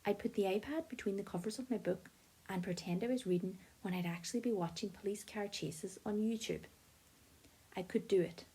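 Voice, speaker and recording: A woman narrating an audiobook in first person, with a lively, expressive telling. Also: medium pitch, fairly quick, husky.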